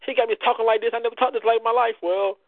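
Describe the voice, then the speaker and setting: Male show host, high and animated, brash and preachy, dry phone-quality audio. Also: racing, no room sound. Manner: loud, playful, preachy banter with frequent cursing. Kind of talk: casual radio-style chat.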